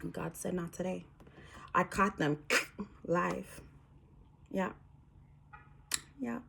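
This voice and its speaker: A woman acting as a spiritual reader delivers a message to her viewers, reassuring and emphatic, sometimes dropping to a whisper. Her lowish voice is slow and creaky, with background noise present.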